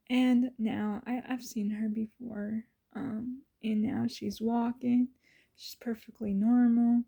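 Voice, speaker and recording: A woman's voice: on the high side, little pitch movement, takes it slowly, vocal fry, warm tone, husky. A woman vlogger telling personal stories in an earnest, emotional way, often dropping to a whisper. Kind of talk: casual personal storytelling.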